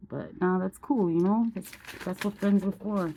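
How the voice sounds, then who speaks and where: A woman in her forties vlogging candidly to her viewers with a mellow, husky voice. She talks bluntly and openly, gets emotional, and swears without a second thought. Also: mid-range voice, moderate pace, few pauses. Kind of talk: candid personal vlog.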